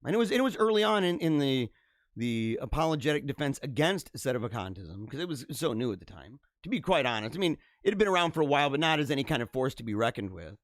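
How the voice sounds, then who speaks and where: Animated rambling man hosting a live stream. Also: medium pitch, quick pace, dry recording, studio quality. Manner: rambling, animated, laughs often. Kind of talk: casual live-stream commentary. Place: home basement studio with green screen.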